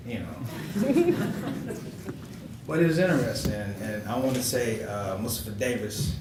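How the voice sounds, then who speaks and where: A man's voice: mid-range voice, a little slow. A comedian in his forties tells stories on a panel, slipping into the voices of the people he quotes. His voice sounds a bit far from the mic, in a roomy, echoing hall. Background noise runs under it. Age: 40s. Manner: animated storyteller who acts out quoted voices with laughter. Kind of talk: storytelling panel talk.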